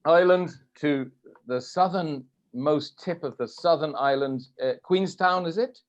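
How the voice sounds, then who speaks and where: A man's voice: on the high side, unhurried. Storytelling male interview host, muffled audio. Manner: animated anecdotal storyteller, laughs often. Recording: dull lo-fi audio.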